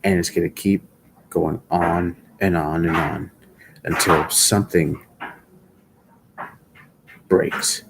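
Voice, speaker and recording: A sleepy man speaking live commentary in a slow, halting way, often repeating himself. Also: deep voice, steady tone, creaky, very noisy. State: sleepy, yawning. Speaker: livestream commentator.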